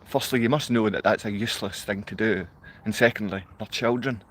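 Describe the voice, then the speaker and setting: Speaking a little fast in a voice on the low side, a middle-aged man with a Glasgow accent, from Scotland, runs a livestream. His monologue wanders and gets emotional, and he frequently laughs.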